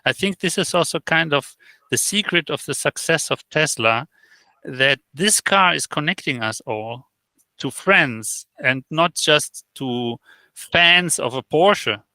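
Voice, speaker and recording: Recorded with no echo, a male interview guest with a bright, gravelly, somewhat high voice tells stories in easygoing conversation. He acts out quoted dialogue with real animation, though his speech is halting, packed with fillers and false starts.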